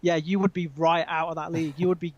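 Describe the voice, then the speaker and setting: British male guest, slightly high voice, halting, on a muffled dry call line. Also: flat delivery, a little mellow, dry recording. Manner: hesitant, many ums, chatty. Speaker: magazine editor, guest. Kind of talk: casual chat over a call. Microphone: remote call.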